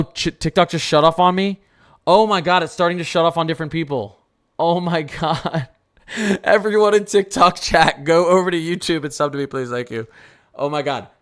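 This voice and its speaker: A man hosting a casual weather livestream, talking to his chat in an excitable, rambling way with lots of exclamations. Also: medium pitch, clean tone.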